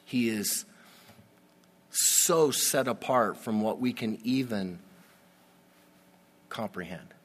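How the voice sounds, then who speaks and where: A man preaching a sermon, slow and emphatic, with dramatic pauses and sudden swells in volume. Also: on the low side, breathy edge. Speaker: pastor.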